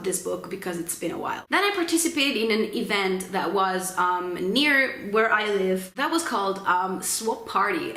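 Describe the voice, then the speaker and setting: A young Italian woman with an Italian accent, chatting casually to camera about books, often pausing with ums. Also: fairly high pitch, a bit bright. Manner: chatty, hesitant with frequent ums. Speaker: book vlogger. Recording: roomy echo.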